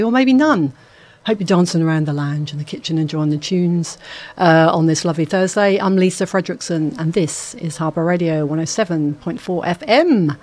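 A woman hosting a live radio show talks in a chatty, upbeat way, with plenty of ums between thoughts. Her voice sits a little low for a woman. It is clean studio-mic sound. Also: a little mellow. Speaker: radio presenter.

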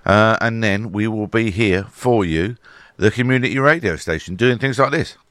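A rambling, jokey man hosting local radio from a studio mic. His voice is low-pitched yet bright and forward, and the room is very dry. He talks casually and fills gaps with ums and asides. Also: moderate pace, no echo. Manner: rambling and jokey, with many fillers. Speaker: radio presenter. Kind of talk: casual radio chat and traffic report.

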